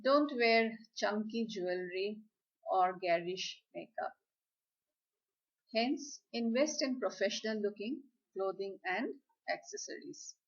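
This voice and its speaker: A woman giving a slide lecture on communication skills, speaking in a deliberate, instructive way. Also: medium pitch. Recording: slightly dull, lo-fi audio.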